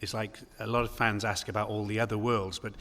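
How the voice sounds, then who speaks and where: A man on a convention panel, explaining his point in a measured way. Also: fairly low pitch, level tone, a bit bright. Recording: echoey hall.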